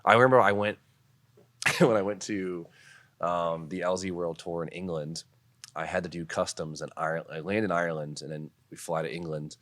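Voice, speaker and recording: A young man, a podcast guest, telling stories in casual chat, animated and laughing often, swearing freely. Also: low voice, moderate pace, slight background noise. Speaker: podcast guest, car builder and drifter.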